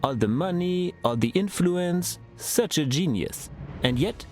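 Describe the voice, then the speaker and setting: Gossiping soldier, insistent, slightly high male voice, game dialogue. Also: expressive, measured pace, dark tone, soft background music.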